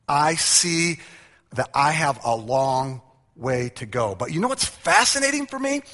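A male pastor with a bright, fairly high voice delivers an animated sermon. He reads scripture in a hushed tone, then rises to loud, playful calls to the crowd. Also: big-room sound.

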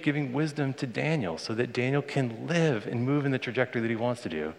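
A man's voice: mid-range voice, expressive, fairly quick, creaky, few pauses. A man in his thirties preaching a sermon to his congregation, earnest and conversational, speaking to them directly. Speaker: pastor. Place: church sanctuary. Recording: long reverb of a large hall.

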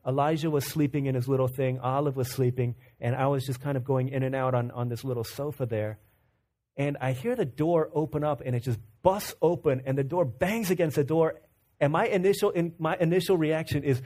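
A male pastor with a voice pitched a little high for a man, preaching in a casual storytelling style. He tends to repeat and restart words as he talks, and he gets fervent as he drives his points home. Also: fairly quick, darkish tone. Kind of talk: sermon with personal storytelling.

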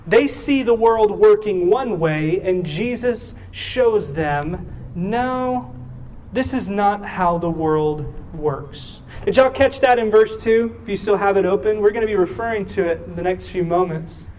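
A man's voice: high voice, moderate pace. A man in his thirties, a pastor preaching a sermon and telling a family story, acting out the voices in it. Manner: animated, acts out voices in his stories. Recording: distant mic with faint room noise.

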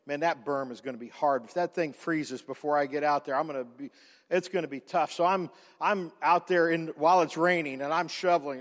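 A man pastor telling a personal story in a sermon, animated, with frequent restarts and repeated words. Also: a little high, in a large hall.

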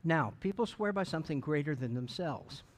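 A man's voice: fairly high pitch, lively intonation, moderate pace. A middle-aged man, an associate pastor in a church, praying and preaching in a folksy, joking way with many restarts. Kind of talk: church sermon and prayer. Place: church sanctuary.

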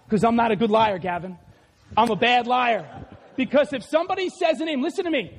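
A man with a very high voice delivers a sermon as pastor, animated and joking. He often breaks into shouts, and his voice rings with a long church-hall reverb. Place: church sanctuary.

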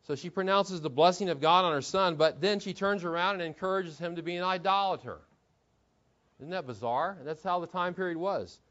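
A man's voice: high voice, a little fast, fairly bright tone. A man preaching an expository sermon in a conversational way, asking the listeners rhetorical questions. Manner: conversational, asks rhetorical questions, repeats words while thinking. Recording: dull lo-fi recording.

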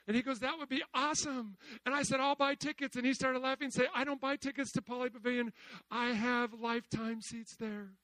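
A middle-aged man preaching a sermon as pastor, asking the congregation questions and dropping from loud calls to hushed lines. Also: very high voice, steady tone, fairly quick, no echo.

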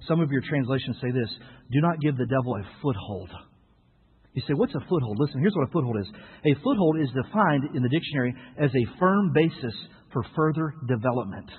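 A male pastor preaching a sermon, with emphatic swings between loud outbursts and quiet asides, rhetorical questions and playful humor. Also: medium pitch, expressive, fairly quick, slightly rough. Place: church sanctuary. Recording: echoey hall on a tinny lo-fi recording.

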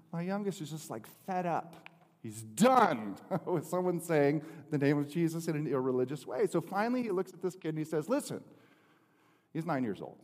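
A middle-aged man preaching and telling a family story, with many restarts and lively swings in pitch. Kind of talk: sermon. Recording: long hall reverb.

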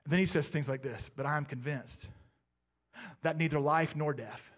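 High-voiced man preaching. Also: steady tone, moderate pace. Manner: conversational preaching, asks the room questions. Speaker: pastor. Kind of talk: sermon.

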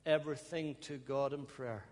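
A male pastor preaching and praying, pleading with his congregation, now and then breaking into soft laughter and sighs. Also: mid-range voice, steady tone, normal speed. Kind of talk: emotional sermon and prayer. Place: church hall. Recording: long church reverb, faint hum.

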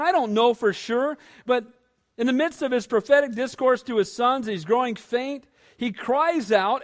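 Very high-voiced male preacher. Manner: lively, conversational preaching, asks the listeners questions. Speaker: pastor. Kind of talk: sermon.

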